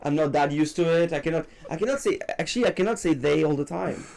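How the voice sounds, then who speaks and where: A man's voice: on the high side, fast talker, creaky, a little mellow. A man from France with a French accent, co-hosting a casual podcast chat in English and thinking aloud with many restarts. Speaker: podcast co-host.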